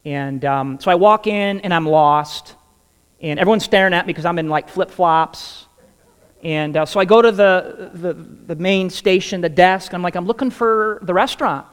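A male pastor with a high voice leads into his sermon with a funny personal story, playing each part of the dialogue as he goes. His words ring out with long reverb in a large church hall. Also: steady tone, moderate pace, clear, resonant tone. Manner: humorous storytelling, acting out dialogue.

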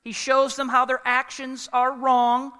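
A man preaching a sermon in an animated, humorous way, putting questions to the congregation. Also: extremely high pitch, unhurried, smooth, big-room sound. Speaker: pastor.

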